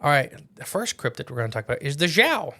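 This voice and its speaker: A man's voice: a little high, sing-song, fast talker, bright, forceful tone. A man co-hosting a casual podcast, talking in a rambling, jokey way and often correcting himself mid-sentence. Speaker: podcast co-host.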